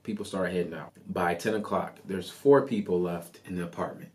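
A podcast host tells a personal story conversationally, animated and packed with asides. His low voice moves at a moderate pace with hardly any pauses.

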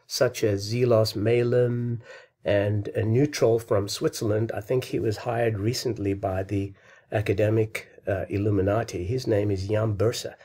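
A man's voice: lowish voice, fairly even intonation, measured pace, dark tone. Angry ranting male math host. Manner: angry, insulting, worked up. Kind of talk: ranting math video lecture.

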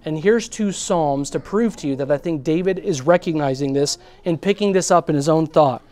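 High-voiced man preaching a sermon. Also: moderate pace. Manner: earnest preaching, rising and dropping between emphatic and hushed. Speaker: pastor.

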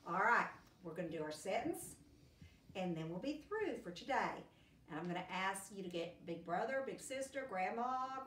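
A woman teacher giving a phonics lesson to young children, patiently sounding out words in chunks. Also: on the high side. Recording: roomy, distant classroom recording with faint hiss.

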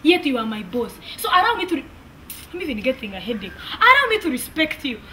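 A sassy young housemaid, played by a woman, mocking and talking back with a high voice that swoops up and down. Faint outdoor noise sits behind her in this comedy sketch. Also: very animated, fast talker, sharp tone, exaggerated voice. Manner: cheeky, mocking, talks back.

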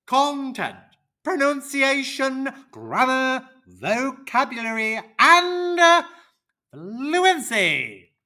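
A cheerful, confident speaking coach for kids, played by a performer, talking slowly and deliberately. The pitch bounces up and down with plenty of life. The tone is bright and clear. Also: exaggerated voice. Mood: upbeat. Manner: slow, deliberate, teacherly, with lively pitch. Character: cheerful, confident teacher character. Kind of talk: children's educational roleplay.

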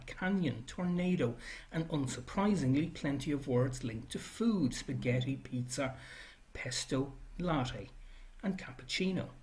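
A man's voice: fairly high pitch, darkish tone. A man giving an educational library talk, listing words one by one with brief asides.

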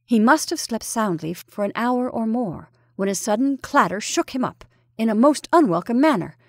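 A woman storyteller reading a ghost story aloud with measured, even narration. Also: fairly high pitch, dry recording, clean studio sound.

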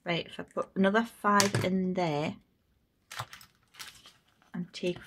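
A woman's voice: lowish voice, steady tone, slow pace, noisy background. A young woman with a Geordie accent, chatting casually and thinking aloud as she sorts cash for her budget. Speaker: budgeting vlogger host. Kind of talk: casual vlog chat while cash stuffing.

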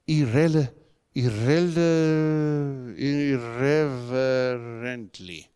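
A man preaching a sermon in a church, punching words with sudden rises in pitch and volume and firing rhetorical questions at his congregation. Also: darkish tone. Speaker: pastor. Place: church sanctuary.

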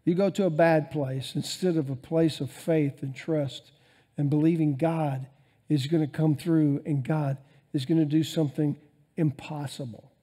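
A male pastor preaching a sermon, swinging between loud emphasis and quiet asides. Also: a little high, steady tone, measured pace, husky.

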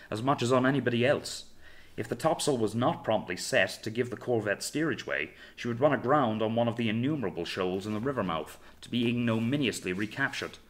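Man, audiobook narrator, lowish voice, measured dramatic reading. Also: a bit bright. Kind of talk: scripted narration.

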